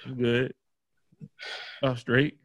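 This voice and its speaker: A man's voice: mid-range voice, level tone, very slow, no room sound, dull audio. A man co-hosting a podcast in casual banter, laid-back and chuckling, with short interjections. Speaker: podcast co-host.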